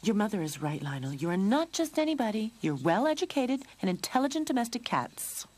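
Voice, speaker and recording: A prim lady cat in a cartoon, played by a woman. She lectures in a lively voice about good manners. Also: medium pitch, fairly quick, voice pushed up.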